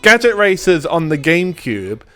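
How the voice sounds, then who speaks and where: A man hosting a live game stream in casual, rambling chat, his voice hoarse and stuffy from a cold. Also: a little high, big pitch swings, moderate pace, pushed and bright, faint music behind. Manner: rambling, with restarts, swearing and laughs. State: stuffy nose after a cold.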